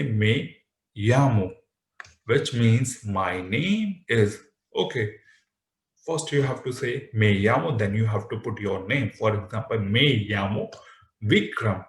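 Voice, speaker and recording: A man giving a language lesson as a patient teacher, explaining slowly and repeating phrases, often checking in with "okay" and "right?". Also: mid-range voice, animated. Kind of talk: slow classroom explanation. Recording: echoey room.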